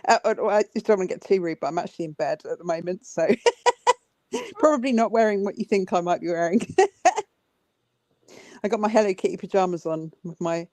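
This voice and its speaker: A woman's voice: medium pitch, animated, moderate pace, long pauses, a little mellow, no echo. Giggly woman caller in bed. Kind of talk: casual chat on a call. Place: in bed at home.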